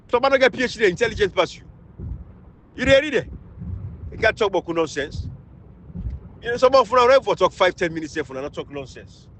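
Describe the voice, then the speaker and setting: A man from Sierra Leone with a Krio accent, delivering a fiery, scolding political rant that swings between loud outbursts and low mutters. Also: a little hiss or hum, rough recording. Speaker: political commentator.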